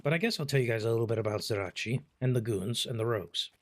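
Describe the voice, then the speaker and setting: This man is a fast talker with a mid-range voice. He streams his gaming with casual commentary, full of profanity and energetic storytelling.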